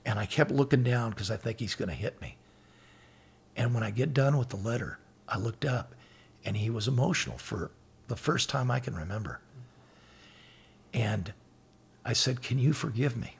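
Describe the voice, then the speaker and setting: Gravelly middle-aged man telling stories. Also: medium pitch, normal speed, long pauses. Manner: earnest storytelling, quotes scripture and acts out dialogue. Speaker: podcast guest sharing faith stories. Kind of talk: casual faith talk.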